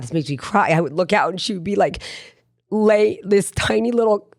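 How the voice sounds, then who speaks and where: A woman hosting a podcast speaks in a noticeably low voice. She tells a personal story in an earnest, rambling way, circling back and restarting as she goes. The sound is dry and close. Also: no room sound. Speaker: podcast host. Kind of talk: casual podcast chat.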